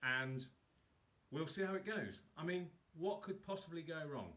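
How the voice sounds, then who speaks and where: A man's voice: on the high side, normal speed, sharp tone. A man hosting a live cook-along, chatting casually and poking fun at himself as he talks viewers through each step. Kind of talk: casual live cooking demo.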